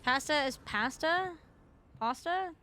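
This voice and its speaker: A young Canadian woman streams a game and chats with her viewers, her high voice bright and sharp. She rambles casually, full of likes and ums, with frequent swearing. Her accent is Canadian. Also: expressive, takes it slowly. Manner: chatty, swears, many fillers. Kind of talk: casual live-stream chat while gaming.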